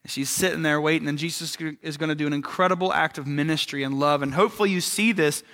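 A young man preaching a casual, animated sermon, joking with the congregation and checking in with "right?". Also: a little high, quick pace. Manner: animated, jokey, conversational, with frequent "right?".

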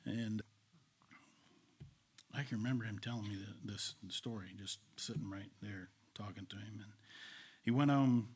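A male preacher delivering a sermon, storytelling with swings between loud and whispered delivery. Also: mid-range voice, expressive, normal speed, slightly rough.

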